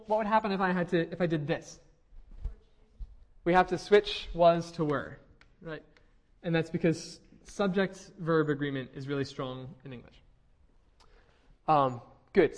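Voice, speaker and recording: A young man teaching a linguistics class, explaining patiently and often checking in with students, with frequent ums. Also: sits high. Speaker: linguistics instructor. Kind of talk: classroom lecture.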